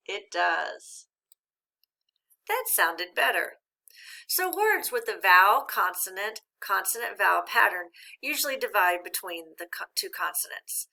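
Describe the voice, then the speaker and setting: A woman teacher giving a recorded reading lesson, speaking slowly and clearly and encouraging young learners. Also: medium pitch, pushed and bright.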